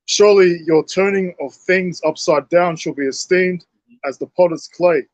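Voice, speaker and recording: A man reading scripture aloud slowly, stumbling now and then. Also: high-pitched, darkish tone, no room sound, highs cut off. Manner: slow, halting reading with fillers. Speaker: scripture reader.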